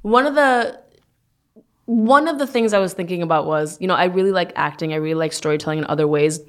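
A woman's voice: lowish voice, fast talker. A woman from Canada, a guest on a casual chat podcast, talking earnestly and with emphasis and laughing easily. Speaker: guest, late-night host.

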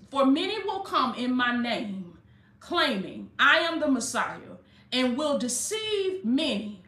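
Bright fervent woman preaching online. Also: high voice, echoey room. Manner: fervent call-and-response preaching, addresses viewers as baby. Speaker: preacher and life coach. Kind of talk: informal online sermon.

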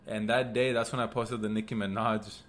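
A young man telling a story on a casual podcast chat, relaxed and loose, with lots of fillers. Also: fairly low pitch, brisk. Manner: laid-back storytelling with frequent fillers. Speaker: podcast co-host.

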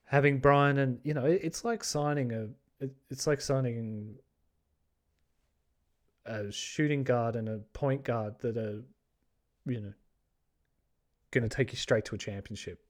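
A man hosting a podcast alone, chatting casually and excitably about wrestling, with plenty of swearing, fillers and restarts. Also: mid-range voice. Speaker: podcast host. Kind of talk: casual solo podcast chat.

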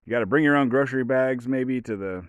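A podcast host from Oregon, USA, a man in his late forties, speaks in a quick, mid-range voice. The recording is clean, lo-fi, and echo-free. He tells a long, meandering story in casual, profane chat full of fillers and restarts.

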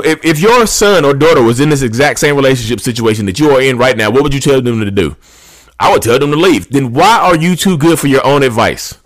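A man hosting his own channel, going on an emphatic, repetitive rant. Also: mid-range voice. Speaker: channel host. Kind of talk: ranting monologue to camera.

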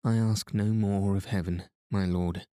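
A man's voice: deep voice, fairly even intonation, measured pace, mellow, no echo. A man reading as an earnest young noblewoman.

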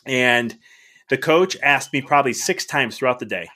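A middle-aged man as a podcast guest, telling stories in a casual, animated way, acting out the dialogue with frequent restarts. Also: medium pitch, normal speed. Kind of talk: casual storytelling.

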